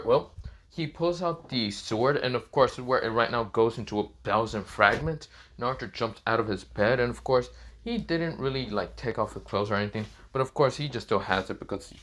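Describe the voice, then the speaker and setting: A man's voice: on the low side, a bit bright. A man improvising a fan story in a rambling way, full of fillers like "well" and "of course", with casual swearing. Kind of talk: improvised fan-fiction narration.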